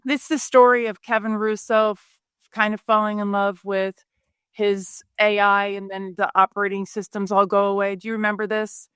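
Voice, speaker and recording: A woman with a smooth, clear voice, chatting in a relaxed way as a show co-host. The sound is dry and close. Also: mid-range voice, normal speed, no room sound. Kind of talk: casual chat.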